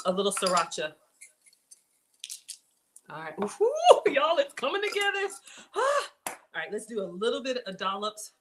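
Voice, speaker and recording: A woman hosting a casual cooking demonstration, chatty and excitable, talking straight to her viewers as she builds a snack. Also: medium pitch, a little hiss or hum. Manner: bubbly, excitable, chatty, addresses viewers as y'all. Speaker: cooking show host.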